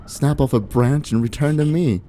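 Man doing a soft, sly old witch. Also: medium pitch, normal speed, faint music behind, lightly acted. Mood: wry. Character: cryptic old female witch, sly and menacing. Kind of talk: voicing game dialogue.

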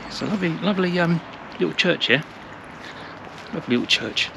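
A man from England with a fairly high-pitched voice talks a little fast as he narrates a casual walking vlog through a village. As a travel vlogger, he's chatty and rambling, repeating his words, with clear traffic noise in the outdoor recording.

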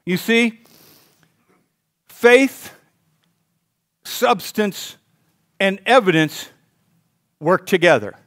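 High-voiced fired-up preacher man. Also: animated, extremely slow, pauses often. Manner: swings from hushed intensity to fired-up exclaiming; calls on the congregation to repeat lines. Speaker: pastor. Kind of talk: sermon.

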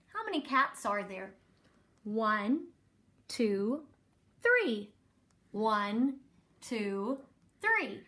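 Female developmental therapist at home, reading to a toddler; high, slow, very animated delivery. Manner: slow, exaggerated, prompting questions. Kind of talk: reading a picture book aloud to a toddler.

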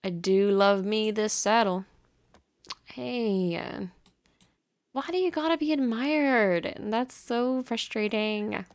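A woman hosting her gaming channel in casual commentary, gushing and excitable as she talks to the horses in her game. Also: mid-range voice, slow.

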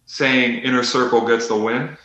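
A man's voice: medium pitch, steady tone, moderate pace, bright, forceful tone, reverberant, dull audio. A man co-hosting a casual wrestling predictions chat, joking and laughing often as he reads out picks. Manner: laughs often, jokey asides. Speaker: co-host reading predictions.

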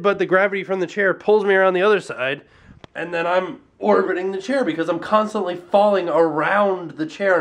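High-voiced jokey male vlogger. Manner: jokey, animated, self-mocking asides. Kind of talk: casual comic explainer vlog.

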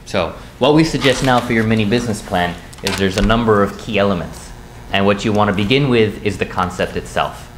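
A man, a business school instructor, calmly walking through the steps of a plan in a recorded lecture. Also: fairly low pitch, fairly quick. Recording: echoey room, faint noise.

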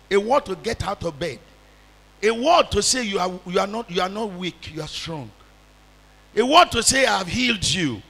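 A man's voice: sits high, vocal fry, pushed and bright, husky, long reverb tail. A man preaching a fervent sermon as pastor and leading the congregation in repeated prayer lines.

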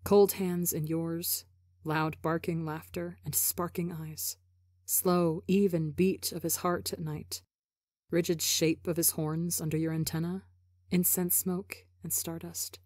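A woman reading a story aloud for a podcast, measured and expressive. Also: lowish voice, no room sound, studio quality. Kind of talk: audiobook narration of fan fiction.

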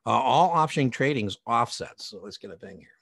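A man's voice: mid-range voice, expressive, moderate pace, creaky, fairly bright tone, dry recording, studio quality. A man teaching an exam prep lecture in a chatty, digressive way, full of personal anecdotes and asides. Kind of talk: conversational recorded lecture.

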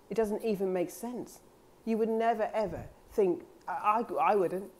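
A woman coach speaks in a casual, earnest monologue at a middle pitch. She is candid and swears now and then. She acts out her own past thoughts in quick quoted asides. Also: fairly even intonation, a little mellow. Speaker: life coach.

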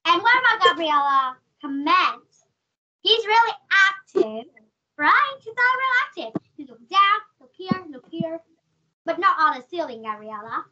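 High, bright Vietnamese-accented woman teaching online. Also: big pitch swings, measured pace. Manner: calls on students by name, asks many questions. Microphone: computer mic on a video call. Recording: dull lo-fi video call audio.

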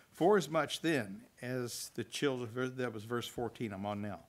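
A man's voice: mid-range voice, a little slow, few pauses. An older man giving a folksy sermon, chuckling now and then and reading scripture aloud. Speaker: preacher. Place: church hall at a religious festival.

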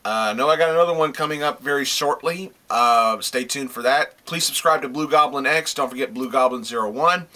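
A man's voice: mid-range voice, brisk, few pauses, sharp tone. A man reviewing comic books in a casual video, gushing with praise and swearing freely as he talks. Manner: gushing praise, repeats himself.

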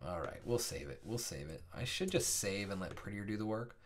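A man's voice: fairly low pitch, lively intonation, a little fast, hardly any pauses, background noise. A man teaching a casual coding screencast, thinking aloud with many fillers and self-corrections. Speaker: programming instructor.

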